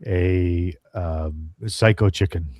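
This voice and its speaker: A man's voice: low-pitched, slow, darkish tone, no room sound. A man playing a tabletop game, talking hesitantly and searching for words with many ums. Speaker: player. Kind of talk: tabletop game play, half in character.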